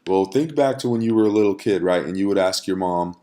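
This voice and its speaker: Low-voiced man teaching casually to camera. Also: quick pace, dark tone. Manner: conversational, frequent "right?" check-ins and fillers. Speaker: online course instructor.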